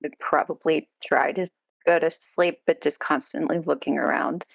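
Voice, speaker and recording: A woman player in a tabletop game, speaking hesitantly with many pauses. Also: deep voice, fairly even intonation, vocal fry, dry recording. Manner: hesitant, full of pauses and fillers. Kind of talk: casual in-character play.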